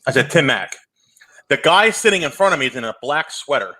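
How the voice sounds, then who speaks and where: Fast-talking bright-voiced male co-host. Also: medium pitch, low-quality recording. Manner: fast, animated storyteller. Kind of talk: casual chat, storytelling.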